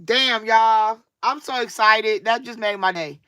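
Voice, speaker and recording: A woman live streamer speaks in a high, bright voice that is sarcastic and animated. Her talk rises and falls with a preacher-like cadence. The sound is close and dry, with no room around it. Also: measured pace, clear, resonant tone, dry recording. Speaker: livestream tarot reader. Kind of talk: casual livestream talk to viewers.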